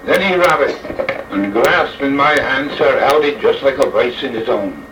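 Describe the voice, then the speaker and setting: A man's voice: mid-range voice, expressive, noisy background. Man reciting a theatrical verse tale. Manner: theatrical, slow and deliberate delivery. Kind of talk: dramatic verse recitation as an old jockey. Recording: echoey, distant, dull old recording.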